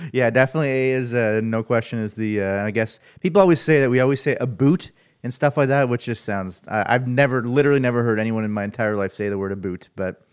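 A man's voice: medium pitch, fast talker, clean tone. A man with a Canadian accent hosting his podcast, upbeat and easygoing, laughing readily with his guest. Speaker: podcast host.

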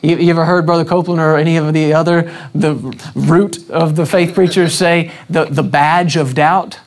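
A man's voice: fairly high pitch, fairly even intonation, moderate pace. A man preaching an evening church sermon in a casual, conversational way. He keeps asking the congregation questions and acts out the scripture quotes with shifting emphasis. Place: church service before a congregation.

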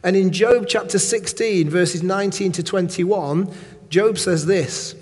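High-voiced preacher in a reverberant hall. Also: male voice, a little slow, darkish tone. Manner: conversational, rhetorical check-ins and humorous asides. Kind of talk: sermon.

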